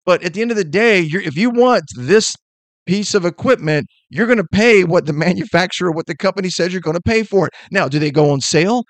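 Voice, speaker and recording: A middle-aged man rattles off blunt, emphatic sales advice at high speed, like a motivational podcast host. His voice sits fairly high for a man. The sound is dry, with no room echo. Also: lively intonation, brisk. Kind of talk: energetic motivational talk.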